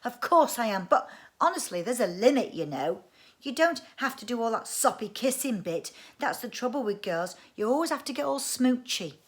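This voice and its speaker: A woman voicing an indignant young schoolboy in a storybook reading, loud and complaining. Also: on the high side, big pitch swings, moderate pace, voice pushed up. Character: cross, squeaky young schoolboy.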